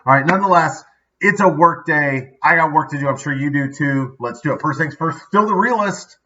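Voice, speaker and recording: Upbeat motivational man, bright voice. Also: a little high, brisk, distant mic, lo-fi sound. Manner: upbeat, conversational, frequent "right?" asides. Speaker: daily video host. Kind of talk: casual motivational talk.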